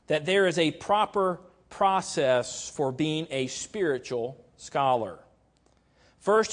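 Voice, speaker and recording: Emphatic preacher, slow and measured. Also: male voice, a little high. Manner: emphatic, deliberate, stresses key words slowly. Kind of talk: sermon.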